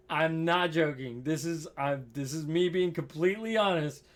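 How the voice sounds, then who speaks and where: Young man, storytime, unhurried delivery, frequent laughter, casual swearing. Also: a little high, fairly bright tone. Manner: laughing often, swearing, lots of "like".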